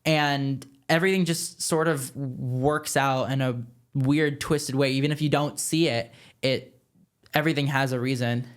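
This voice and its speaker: A man's voice: mid-range voice, steady tone, smooth. A young man, an actor guest on a podcast, speaking earnestly in casual interview chat. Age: young adult. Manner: earnest, agreeable, quick asides.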